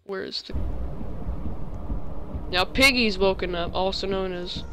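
A teenage boy giving casual, excitable commentary while playing a game, yelping often, his voice cracking when he yells. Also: high-pitched, measured pace, noisy background. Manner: excitable, yelps and frequent voice cracks. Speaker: gamer.

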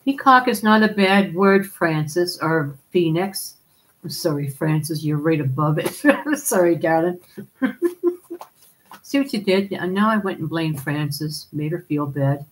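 A woman's voice: deep voice, normal speed, rough recording. A woman hosting a live stream, chatting casually, laughing often and calling viewers darling as she reads their comments.

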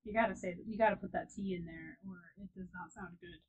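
A woman chatting casually as she plays a co-op farming game, giggly and often trailing off softly. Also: on the low side, steady tone, quick pace, husky, lo-fi sound. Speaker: let's play host. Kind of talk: casual gaming commentary.

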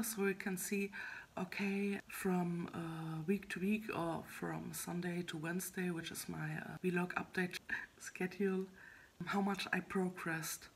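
A woman talking in a casual solo vlog about her writing progress, soft and half-whispered, hesitant and halting with many fillers and restarts. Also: mid-range voice, vocal fry, slightly rough. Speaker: web fiction writer vlogging her progress.

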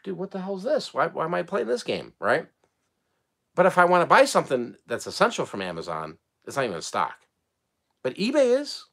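A middle-aged man giving casual advice as a channel host, blunt and animated, swearing casually and laughing often. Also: on the high side, brisk, gravelly. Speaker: eBay reseller and channel host.

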